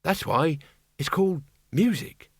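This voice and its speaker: Man voicing a dry matter-of-fact zombie guy, quiet, audiobook. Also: a little high, lively intonation, measured pace, breathy edge, no room sound, pitched above the performer's own voice, heavily acted.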